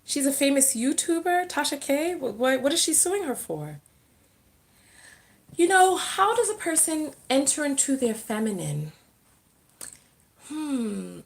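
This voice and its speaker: Her high, sing-song voice carries vocal fry, and she takes her time, pausing often. She's a self-love and relationships coach running an informal livestream Q&A, improvising answers to viewer comments and regularly trailing off before restarting a sentence.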